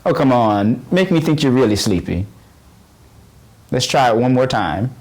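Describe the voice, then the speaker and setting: A man teaching a beginner's voice lesson, patiently guiding breathing and warm-up exercises and encouraging often, with frequent halting restarts. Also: medium pitch, lively intonation. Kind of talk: on-camera voice lesson.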